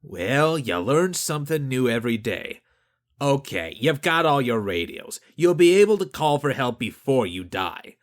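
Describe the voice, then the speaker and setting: A man's voice: mid-range voice, very animated, unhurried. A man voicing an officious, rule-bound middle-aged ship inspector.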